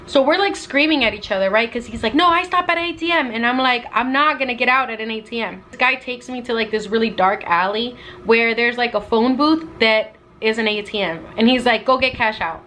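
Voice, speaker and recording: Young woman, travel vlogger, animated storyteller, bright and somewhat high voice, faint noise behind. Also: fairly quick, hardly any pauses. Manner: animated, acts out quotes with lots of "like". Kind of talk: casual storytelling to camera.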